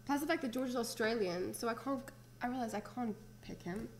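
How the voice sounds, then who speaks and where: A young woman hosting a casual interview, bubbly and quick to laugh. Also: a little high, a little hiss or hum. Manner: bubbly, giggly. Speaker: host.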